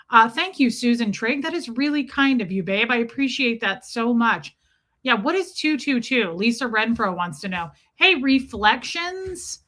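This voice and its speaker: A woman's voice: a little high, expressive, moderate pace, sharp tone. A woman hosting a casual livestream, chatting and greeting viewers by name in an affectionate way. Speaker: livestream host.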